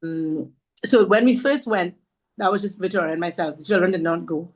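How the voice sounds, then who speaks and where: A woman from Trinidad, a podcast guest telling her story in an animated, self-mocking way. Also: on the low side, a little fast. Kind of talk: storytelling conversation.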